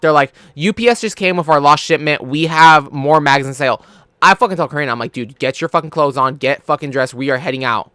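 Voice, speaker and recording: A man's voice: a little high, pushed and bright, clean tone, no echo, studio quality. A young man from California, a gaming YouTuber, telling a rambling, profane story in casual chat. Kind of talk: casual storytelling over gameplay.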